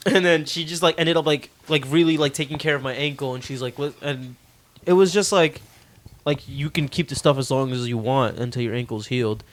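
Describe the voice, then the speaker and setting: A man's voice: mid-range voice, a little fast. A young man on a podcast telling a story casually, laughing and swearing often. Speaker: podcast co-host.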